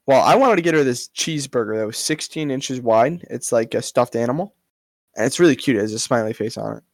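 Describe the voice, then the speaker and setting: A man's voice: medium pitch, lively intonation, a little fast, gravelly, no echo. Crude, offhand young man chatting. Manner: crude, offhand, swears a lot. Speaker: podcast co-host. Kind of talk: casual chat.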